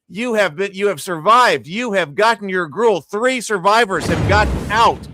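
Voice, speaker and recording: A man's voice: high voice, normal speed, hardly any pauses, no echo. A man running a live tabletop arena battle as game master, calling hits and damage play-by-play and cheering on the dice. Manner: excitable, cheers and pleads over dice results.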